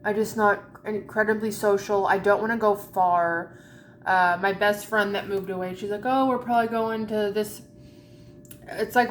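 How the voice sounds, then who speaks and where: A woman's voice: medium pitch, reverberant, a little hiss or hum. A woman vlogger chatting casually while eating, rambling and candid with a lot of swearing.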